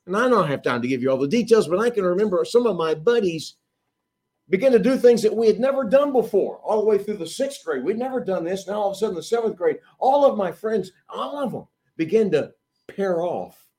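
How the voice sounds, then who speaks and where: A middle-aged man delivers a sermon, voicing the disciples himself and swinging from loud emphasis to quiet asides. His voice sits high with big pitch swings, and he speaks briskly.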